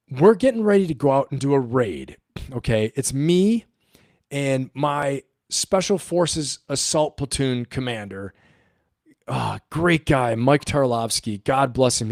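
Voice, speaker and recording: A man's voice: mid-range voice, dry recording, clean studio sound. A middle-aged man hosting a livestream, telling a story in a rambling, profane way and laughing often. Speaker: livestream host and coach.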